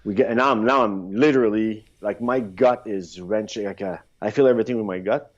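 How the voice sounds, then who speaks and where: Casual guy in his 50s, low voice, tells stories all over the place, restarts a lot, muffled sound. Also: fairly quick. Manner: rambling, animated, frequent restarts. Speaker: podcast guest, former luge athlete. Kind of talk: casual interview storytelling. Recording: dull lo-fi sound.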